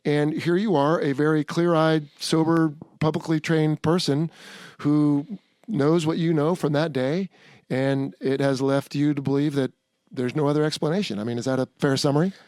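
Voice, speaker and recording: A man's voice: a little high, fairly even intonation, normal speed, a little mellow, no room sound, studio quality. A middle-aged American man hosting a podcast interview, thoughtful and hedging, often correcting himself mid-thought. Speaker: podcast host. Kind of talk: conversational interview.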